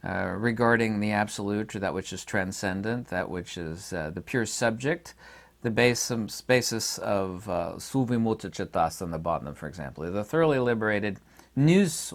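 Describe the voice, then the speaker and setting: A man's voice: lowish voice, lively intonation, moderate pace. A man giving an unscripted philosophy lecture, emphatic and argumentative, who repeats points for stress. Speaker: channel host.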